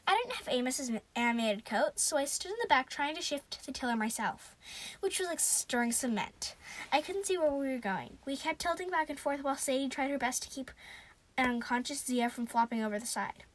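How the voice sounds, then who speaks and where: A woman reads favorite passages of a novel aloud, breaking in with chatty asides. Her voice sits high, and the recording is dry and close with no room sound. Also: expressive, fairly quick, no echo. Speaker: reader.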